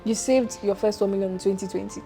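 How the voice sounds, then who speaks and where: A woman's voice: mid-range voice, fairly even intonation, fast talker, warm tone, faint music behind. A young woman with a Nigerian accent hosting a casual interview, playful and teasing as she asks her questions. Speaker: podcast host.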